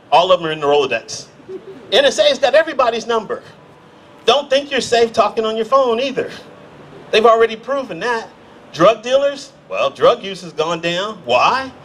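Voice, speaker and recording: A middle-aged American man doing a stand-up comedy set, telling stories and jumping into quick character voices. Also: sits high, a bit bright, a little hiss or hum. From United States. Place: comedy stage.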